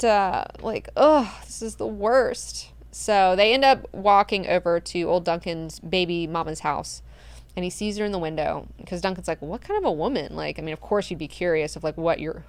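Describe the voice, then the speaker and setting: A woman's voice: mid-range voice, smooth, dry recording. A woman hosting a book club, recapping chapters in a slangy, profane, chatty way.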